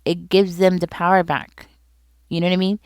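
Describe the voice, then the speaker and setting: Giving an informal tarot reading directly to her audience, this woman speaks in a relaxed, repetitive way and checks in with viewers often. Her voice is fairly low and smooth, with little pitch movement, at a normal pace. There is no room sound.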